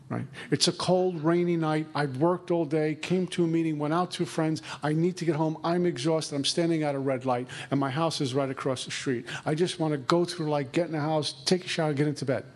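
A man giving a conversational recovery talk, acting out inner dialogue. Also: on the high side. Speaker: recovery speaker.

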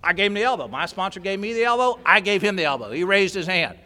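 High, bright man in a big reverberant hall. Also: fast talker. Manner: animated storyteller, rising to near shouting, dropping low and quiet. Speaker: workshop speaker at a recovery convention. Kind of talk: storytelling talk to an audience. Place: large convention hall.

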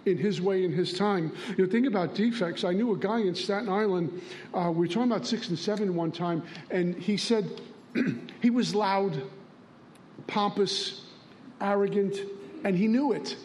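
A man's voice: sits high, moderate pace, darkish tone. A man sharing in a recovery meeting, telling plainspoken stories and acting out dialogue. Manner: storytelling, plainspoken, acts out dialogue. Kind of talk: recovery share.

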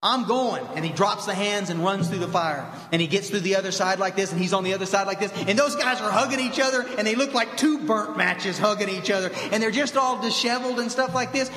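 A man giving a blunt, animated motivational talk to an audience at a recovery fellowship meeting in a meeting hall. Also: high-pitched, quick pace, few pauses. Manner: animated storytelling, blunt, direct address. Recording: echoey hall reverb.

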